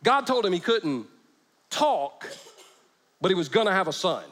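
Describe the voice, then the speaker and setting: A man's voice: sits high, sing-song, unhurried, fairly bright tone. A man preaching a humorous sermon, joking as he retells scripture. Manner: playful, joking, acts out scripture with voices. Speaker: pastor.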